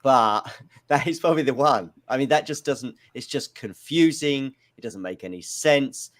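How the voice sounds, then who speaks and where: A man's voice: mid-range voice, expressive, normal speed. A man hosting a live tennis watchalong, chatting casually and rambling into jokey anecdotes. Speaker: podcast host. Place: home in Lisbon.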